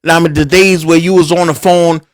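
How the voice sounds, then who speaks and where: A man airs a grievance on a livestream, swearing freely and circling back over the same points. His voice sits slightly high for a man. The sound is close and dry, with no room echo. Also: steady tone, brisk. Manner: angry, profane, repeats himself, many fillers. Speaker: livestream host. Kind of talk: heated livestream rant.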